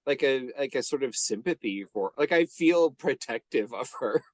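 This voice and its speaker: A man's voice: medium pitch, expressive, normal speed, no room sound. A man co-hosting a podcast, chatting casually about a movie, rambling with restarts and frequent laughs. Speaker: podcast co-host.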